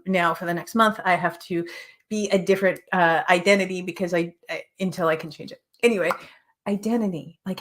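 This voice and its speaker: This lowish-voiced woman, an adult with children, is hosting a show and giving an inspirational spiritual talk. Her delivery is earnest and forceful, full of repeated phrases, with occasional slips into a gentle whisper.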